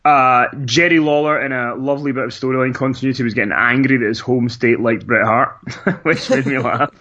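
A man's voice: mid-range voice, fairly even intonation, brisk, sharp tone. A man co-hosting a podcast, chatting casually and rambling with frequent laughs and restarts. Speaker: podcast co-host. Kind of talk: casual chat recapping wrestling. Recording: dull lo-fi sound.

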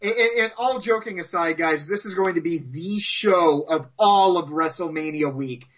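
Bright excitable man on a lo-fi mic. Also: a little high, moderate pace. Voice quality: excitable, joking. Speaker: podcast co-host. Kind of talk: casual chat, hyped promo.

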